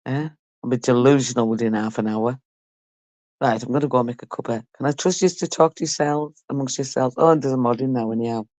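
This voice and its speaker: A woman's voice: a bass voice, fast, a little mellow, no echo. A woman talking casually and bluntly to her live-stream viewers, swearing freely.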